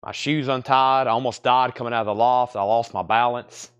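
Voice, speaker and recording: A man's voice: mid-range voice, fairly even intonation, a little fast, clean tone, muffled recording. A man hosting a live sale, rambling casually and joking at his own expense. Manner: rambling, self-deprecating, chatty while eating. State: coughing, throat choked. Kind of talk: casual livestream chat.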